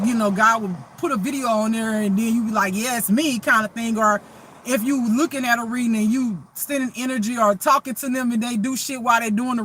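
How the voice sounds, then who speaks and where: A tarot-reading spiritual reader addresses her viewers in a blunt, profane rant punctuated by laughter, an unscripted casual monologue. Her fairly high voice is a bit bright, with a slight hiss or hum on the recording.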